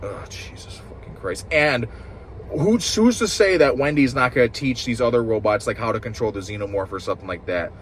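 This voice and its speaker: A man giving a rambling, frustrated review, swearing often and restarting his sentences while clearly upset. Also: lowish voice, a little hiss or hum. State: upset and agitated. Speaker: show reviewer. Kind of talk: ranting casual review.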